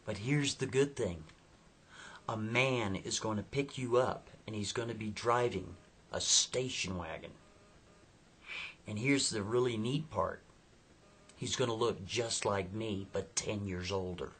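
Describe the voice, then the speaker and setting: Man doing a calm, creepy hitchhiker, steady and matter-of-fact, a bit husky. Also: on the low side, measured pace, exaggerated voice. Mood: ominous. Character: calm mysterious male hitchhiker, eerie.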